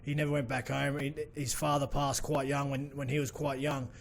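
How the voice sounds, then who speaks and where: An Australian man as a podcast guest, talking in halting casual chat with many restarts. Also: mid-range voice, flat delivery, gravelly, a little hiss or hum. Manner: halting, repeats himself.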